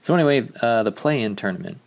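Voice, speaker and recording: A man's voice: lowish voice, animated, fast talker, vocal fry. A man hosting a casual sports podcast, talking in a rambling, offhand way with many ums, a little out of breath. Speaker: podcast host.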